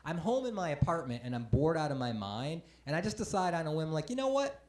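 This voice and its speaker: High-voiced comedian in his forties. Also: big pitch swings, fast talker. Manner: self-deprecating storytelling with sudden loud outbursts. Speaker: stand-up comedian. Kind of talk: live stand-up set. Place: comedy club stage. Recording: roomy live club sound. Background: audience laughter.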